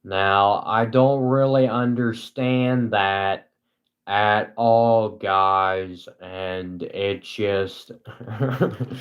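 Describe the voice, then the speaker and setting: A young man hosting a casual live stream, talking to his chat in a flat, dry, self-mocking monotone. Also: lowish voice, lo-fi sound.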